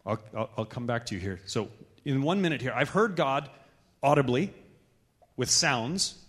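A man leading a church gathering, teaching in a relaxed, conversational way. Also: mid-range voice. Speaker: church leader. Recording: echoey hall reverb.

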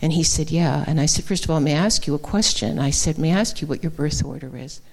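A woman with a slightly low voice preaches a sermon built on personal anecdotes. She talks conversationally, calling people darling and honey as she retells conversations. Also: quick pace, slight background noise. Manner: warm storytelling, addresses people as darling and honey. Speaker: guest speaker.

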